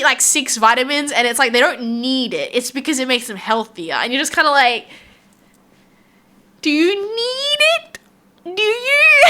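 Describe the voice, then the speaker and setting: A woman's voice: sits high, pushed and bright. An Australian woman streaming live, chatting casually and rambling with her viewers, laughing often.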